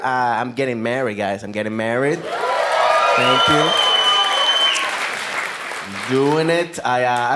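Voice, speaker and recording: Venezuelan accent guy doing stand-up, lively up and down voice, noisy room. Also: medium pitch. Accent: Venezuelan Spanish. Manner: laid-back, laughs at his own jokes. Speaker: stand-up comedian. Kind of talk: stand-up comedy set. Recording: live stand-up with background noise.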